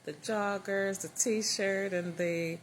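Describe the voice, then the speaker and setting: A woman's voice: medium pitch, fairly even intonation, takes it slowly, a little hiss or hum. A woman telling her own written story in a casual, chatty way, with loose asides.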